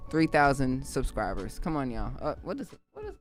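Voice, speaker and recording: Lively, chatty woman streaming live. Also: very deep voice, fairly quick, soft background music. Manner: animated and chatty, addressing viewers directly. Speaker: livestream host and beatmaker. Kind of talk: casual livestream chat.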